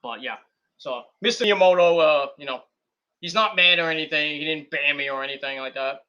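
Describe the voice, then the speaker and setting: A man's voice: fairly high pitch, a little fast, pushed and bright, highs cut off. A man hosting a casual wrestling talk stream, rambling and profane, with many restarts and fillers. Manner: rambling, profane, full of "you know" and restarts. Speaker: streamer host.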